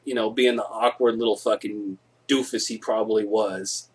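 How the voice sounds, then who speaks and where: Husky-voiced guy rambling thru a sweary story on his live stream. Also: lowish voice, fairly even intonation, moderate pace. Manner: rambling, profane, jokey storytelling.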